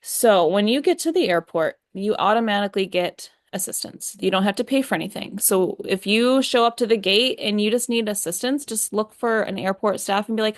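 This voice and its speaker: A woman's voice: mid-range voice, brisk, few pauses, no room sound, clean studio sound. A young woman hosting a live chat, answering viewer questions in a friendly, reassuring way with lots of fillers.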